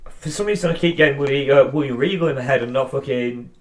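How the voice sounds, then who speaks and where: A man's voice: mid-range voice, quick pace. A young man in a mid-range voice gives his views as a podcast co-host, leaning on swear words for emphasis. He chats casually and chuckles at himself now and then. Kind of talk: casual opinion chat.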